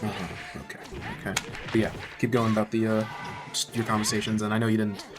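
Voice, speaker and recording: A man conducting an interview, giving brief, low-key prompts and acknowledgements. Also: little pitch movement, fast talker.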